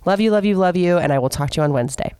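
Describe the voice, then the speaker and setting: A young woman with a Southern US accent hosting a casual solo podcast rant, hoarse and stuffy from a cold, blunt and gossipy with lots of fillers. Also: fairly low pitch, very fast, warm tone, dry recording, clean studio sound. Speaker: podcast host.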